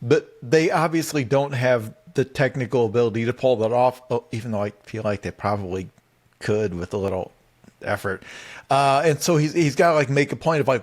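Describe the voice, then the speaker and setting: A man's voice: medium pitch, brisk. A man co-hosting a comedy podcast, recapping a show in a rambling, exasperated way. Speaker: podcast co-host.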